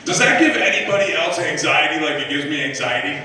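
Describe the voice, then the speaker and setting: A man performing a profane, animated stand-up set on a live comedy club stage, acting out voices and shouting punchlines. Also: on the high side, a little fast. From United States. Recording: echoey club room recorded from a distance. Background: audience laughter.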